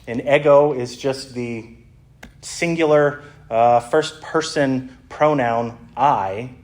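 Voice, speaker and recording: A pastor teaching a sermon in a relaxed, conversational way, explaining as he goes with frequent "uh" fillers. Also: mid-range voice.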